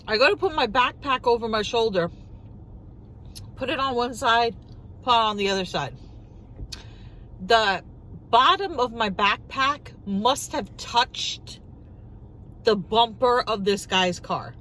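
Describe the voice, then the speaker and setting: A high-pitched woman with a voice that leaps up and down as she tells her story. She is a middle-aged vlogger talking casually while she eats, and she sounds animated and incredulous, firing off one rhetorical question after another. A faint hum of noise sits under her voice. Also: low-quality recording.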